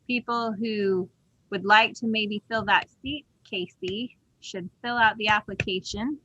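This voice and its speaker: A woman's voice: medium pitch, a little slow, bright, forceful tone, dull audio. A woman chairing an online meeting over a video call, explaining procedures step by step in casual talk.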